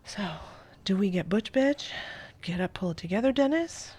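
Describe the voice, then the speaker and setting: A woman hosting a playthrough, reading a first-person interactive story aloud in a soft, often half-whispered voice and adding casual asides. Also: mid-range voice, animated, moderate pace, slightly rough.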